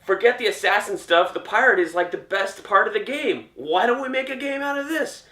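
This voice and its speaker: Goofy, overexcited game developers babble in a high, mocking sing-song, as a man puts them on. The voice jumps well above a normal speaking pitch, and the room around it echoes. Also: animated, a little fast, sharp tone, recorded from a distance. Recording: roomy echo.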